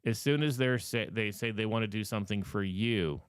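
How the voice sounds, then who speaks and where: A podcast host, a man with a lowish voice that is wearing thin as he loses it. He talks casually and with emphasis, repeats his warnings and fills pauses with ums. The sound is dry and close to the mic. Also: clean tone, dry recording. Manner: repetitive, emphatic warnings with many fillers. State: losing his voice. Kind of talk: casual advice talk.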